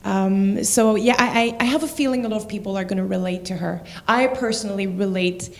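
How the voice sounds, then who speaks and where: A woman from Quebec speaks with a French Canadian accent in a brisk, gravelly, medium-pitched voice. She's an actor chatting in an interview about her stage play role, laughing often.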